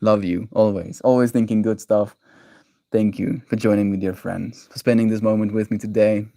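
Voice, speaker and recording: Fairly low and warm with vocal fry, the voice of this Canadian streamer keeps fairly even intonation at a moderate pace. There's no room sound as he chats affectionately with his daily audience, giggling, rambling, and coining silly words.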